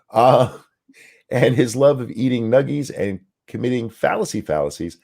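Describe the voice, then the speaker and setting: A podcast co-host with a medium-pitched voice and vocal fry reads viewer comments aloud in a casual chat. He's animated and profane, tripping over his words as he goes.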